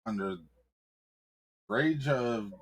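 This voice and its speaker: A man telling an improvised story in a casual, halting way, with many ums and restarts. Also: medium pitch, slightly rough. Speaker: streamer and storyteller.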